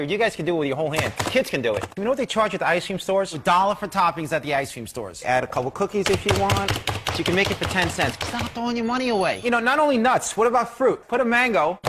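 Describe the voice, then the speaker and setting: A man pitching a kitchen chopper in an infomercial, with brash, pushy, rapid-fire salesman patter while he chops food. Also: background noise.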